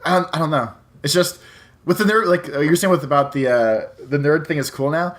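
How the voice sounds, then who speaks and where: A man's voice: on the high side, brisk, a bit bright. A man in his thirties co-hosting a podcast, chatting casually with joking, profane banter. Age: 30s. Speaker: podcast co-host.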